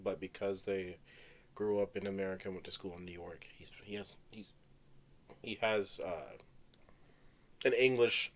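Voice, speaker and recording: A young man co-hosting a podcast, chatting casually in a laid-back, rambling way with slang. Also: on the low side. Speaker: podcast co-host. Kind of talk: casual chat.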